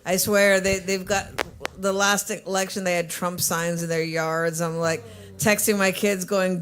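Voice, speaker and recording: A regular at a coffee shop open mic, chatting casually from the stage with quick self-correcting asides. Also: mid-range voice, little pitch movement, fairly bright tone, a little hiss or hum.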